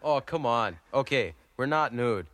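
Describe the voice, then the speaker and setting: An actor playing a dim, easily flustered Canadian hoser on a comedy album, rambling and bickering with lots of fillers in a Canadian accent. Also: male voice, mid-range voice, animated, measured pace, fairly bright tone, dry recording. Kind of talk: improvised comedy album sketch.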